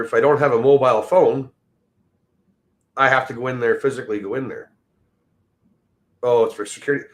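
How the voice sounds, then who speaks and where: Give me a middle-aged man mumbling through a sweary livestream rant with slurred, sloppy diction. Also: mid-range voice. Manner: crude, swearing, combative toward chat. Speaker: livestream host. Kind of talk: profane casual rant.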